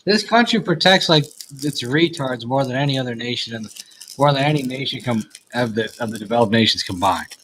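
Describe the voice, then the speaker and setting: A man's voice: medium pitch, lively intonation, a little fast, fairly bright tone, slight background noise, poor audio. A man co-hosting a casual chat show, talking bluntly and crudely with provocative remarks. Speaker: co-host.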